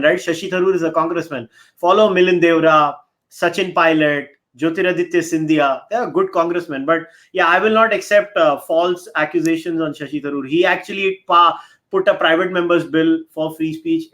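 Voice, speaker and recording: A man's voice: a little high, fairly bright tone. A man arguing emphatically in a heated panel discussion, slipping in Hindi phrases. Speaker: guest panelist.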